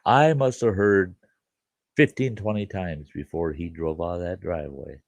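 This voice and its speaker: A man with a deep, gravelly voice tells a story on his livestream in a relaxed, folksy manner. He retells the exchange line by line and keeps coming back to "I said." The sound is dry and close, with no room echo. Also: normal speed, dull audio. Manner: folksy, repeats "I said" while retelling. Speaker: livestream host. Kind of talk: casual storytelling. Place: farm.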